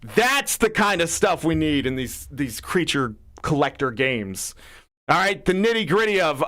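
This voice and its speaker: A man's voice: on the high side, big pitch swings, a little slow, pushed and bright. A man hosting a gaming livestream, ranting heatedly with lots of swearing and rhetorical questions. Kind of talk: casual livestream rant.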